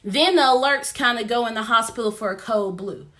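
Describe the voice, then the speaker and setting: A woman vlogger recapping a movie plot in a chatty, animated way and talking straight to her viewers. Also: fairly high pitch, fairly quick. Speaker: movie reviewer. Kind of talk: casual plot recap vlog.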